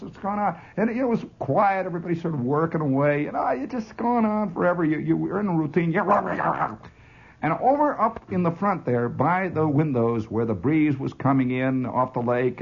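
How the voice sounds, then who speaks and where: A man hosting a radio show, telling a long story in an animated, chuckling monologue, on a dull 1970s broadcast. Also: medium pitch. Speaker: radio host.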